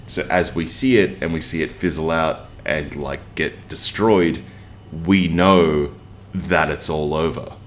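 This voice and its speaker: A man's voice: very deep voice, unhurried, slight background noise. A man giving a casual, earnest review with lots of filler words and plain emotional investment. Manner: earnest, rambling with many fillers. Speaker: manga reviewer. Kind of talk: casual chat.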